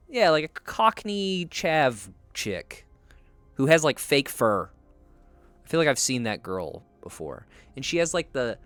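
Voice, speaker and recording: A man's voice: on the high side, sing-song, unhurried, a bit bright, no room sound, faint music behind. A young man chatting casually as a streamer while he plays a game, rambling and swearing freely. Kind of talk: casual gameplay commentary.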